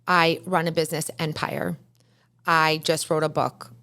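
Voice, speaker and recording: A middle-aged woman talks straight into a studio mic as a podcast host, with a somewhat low voice. She is candid and blunt, swears freely, and speaks in a motivational monologue. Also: level tone, a little slow, sharp tone. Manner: candid, blunt, uses profanity.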